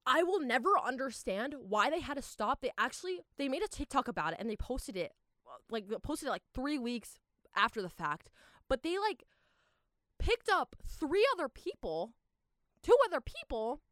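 A young woman in her twenties telling a travel story in a casual, animated way, full of "like" and exasperated asides. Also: sits high, normal speed, no room sound, clean studio sound.

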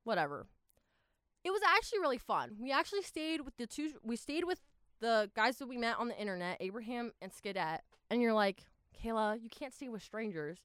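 A young woman in her twenties telling a travel story in a casual, animated way, full of "like" and exasperated asides. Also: on the high side, brisk, clean tone, no room sound, clean studio sound.

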